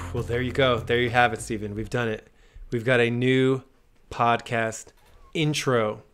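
An energetic, jokey man co-hosting a podcast in casual chat. His voice sits in an ordinary middle register, and he keeps the talk lively and upbeat. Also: mid-range voice, unhurried, clear, resonant tone, faint music behind. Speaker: podcast co-host.

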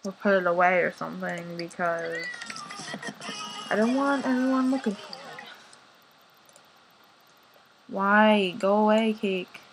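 A woman's voice: medium pitch, fairly even intonation, slow pace, pauses often, a bit bright, slight background noise, low-quality recording. A young woman casually commenting on her life-sim gameplay in a chatty, playful way. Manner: chatty, playful, sighing over game moments. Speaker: gaming channel host.

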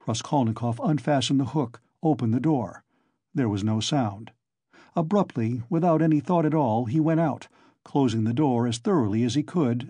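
A man narrating a classic novel as an audiobook in a steady, measured reading. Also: on the high side, husky, no room sound. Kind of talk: scripted narration.

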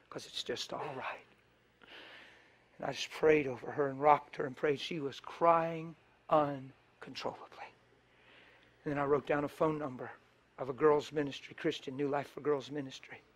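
Bright-voiced, passionate male preacher. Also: a little high. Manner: passionate, colloquial, acts out dialogue. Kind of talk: sermon storytelling.

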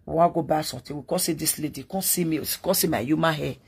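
A woman's voice: deep voice, fast talker, creaky, a little mellow, breathy edge. A woman with a Nigerian accent hosting a live stream, telling a family story to her viewers in casual, chatty talk that drifts between Pidgin and English.

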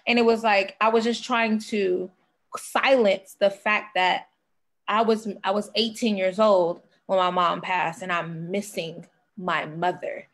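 A woman's voice: medium pitch, steady tone, unhurried. A young woman speaking as a podcast guest, sharing an earnest personal testimony and fighting back tears.

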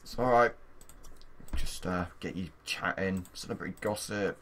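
A man's voice: low-pitched, moderate pace, a bit bright. A young man chatting casually while playing a life-sim game with a friend, ordering the game characters around. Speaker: co-host of a game let's play. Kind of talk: casual gaming chat.

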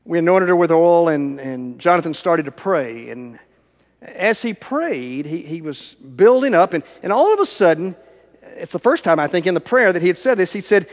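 A middle-aged man preaching a sermon as an evangelist. He tells a story dramatically, dropping from loud to hushed, almost whispered lines. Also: on the high side, big pitch swings, normal speed. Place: large church sanctuary. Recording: long church reverb.

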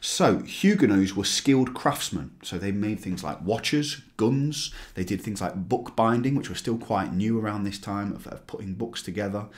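A man with a notably deep, low voice talks through a recorded history lesson for a school class. He explains step by step, pausing on filler sounds and restarting his sentences as he goes. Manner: explanatory, with frequent ums and restarts. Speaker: teacher.

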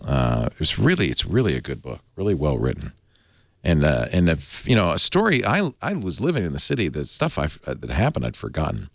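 A man's voice: rumbling low, huge pitch swings, a little fast, creaky, no room sound, clean studio sound. A middle-aged man hosting a tech talk show, chatting casually and reading an ad with restarts and asides. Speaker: podcast host.

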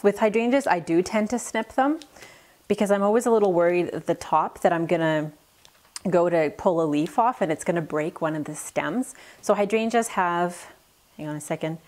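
A woman's voice: lowish voice, darkish tone. A woman florist giving a friendly, practical step-by-step demonstration at her work table, sharing tips as she goes. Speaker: florist instructor. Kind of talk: demonstration tutorial. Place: flower shop work table.

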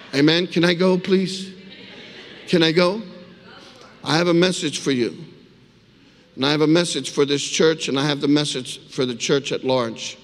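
High-voiced man preaching in an echoey hall. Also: slight background noise. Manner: vivid, emphatic storyteller calling for amens. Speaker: guest speaker. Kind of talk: sermon with personal testimony. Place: church sanctuary.

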